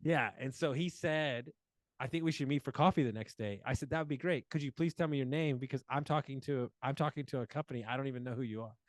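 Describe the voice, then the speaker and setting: A man's voice: mid-range voice, quick pace, no room sound. A man in his forties telling a long personal story as a podcast guest, acting out quoted dialogue with plenty of fillers. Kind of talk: casual storytelling interview.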